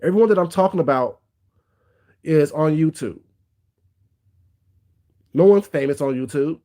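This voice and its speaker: A man's voice: on the high side, unhurried, mellow. Blunt gossipy livestream man. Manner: blunt, gossipy, greets viewers mid-rant. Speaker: livestream host. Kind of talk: casual commentary livestream.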